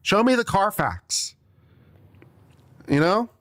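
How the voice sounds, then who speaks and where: A man's voice: high voice, big pitch swings, takes it slowly, fairly bright tone. A man, an attorney, reading out a legal brief and picking it apart with sarcastic, exasperated asides, coughing now and then. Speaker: attorney commentator.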